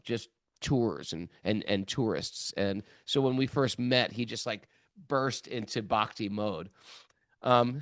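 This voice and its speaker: A man in his sixties, hosting a podcast, telling a self-mocking story in a casual, animated way with plenty of fillers. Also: mid-range voice, no room sound, clean studio sound. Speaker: podcast host.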